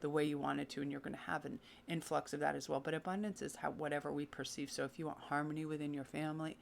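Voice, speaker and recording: Brief: upbeat woman tarot reader, gravelly with vocal fry, talking straight to viewers. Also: low voice, flat delivery, fast, slight background noise. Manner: enthusiastic, chatty, encouraging. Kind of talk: casual tarot reading to viewers.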